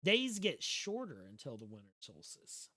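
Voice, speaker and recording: Young male streamer, Southern drawl, bright tone, rambling jokey patter. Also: a little high, huge pitch swings, normal speed, dry recording, clean studio sound. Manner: joking, rambling, talks back to chat; slurred drawl. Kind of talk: casual live-stream gaming chat.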